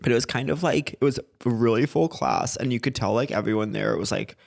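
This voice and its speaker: A man's voice: fairly quick, vocal fry. A young man co-hosting a podcast, chatting casually and acting out his story with big jumps in voice. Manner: animated storyteller, acts out quotes with big pitch jumps. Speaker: podcast co-host. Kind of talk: casual chat.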